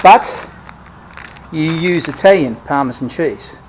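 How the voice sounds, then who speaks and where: A man's voice: a little high, lively intonation, takes it slowly, slight background noise, low-quality recording. A man vlogging on the road, talking casually in a rambling way and repeating and restarting his phrases. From Australia. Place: on the road near his van, outdoors.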